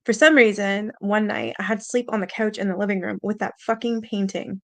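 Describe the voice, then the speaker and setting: A woman's voice: mid-range voice, steady tone, brisk, no echo. A young adult woman hosting a stream, telling a personal ghost story in a rambling, casual way with lots of fillers, mild swearing, and an earnest, spooked tone. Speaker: host.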